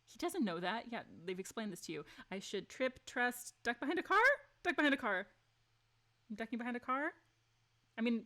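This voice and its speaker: Excitable woman streaming a story game. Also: medium pitch. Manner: excitable, gasping, laughing and swearing between read lines; chatty with viewers. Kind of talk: live game stream, reading the story aloud.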